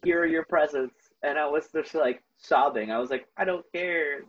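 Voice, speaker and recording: Husky young guy, says like a lot, casual podcast chat, kinda muffled audio. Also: a little high, normal speed. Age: young adult. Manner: casual, filler-heavy, earnest.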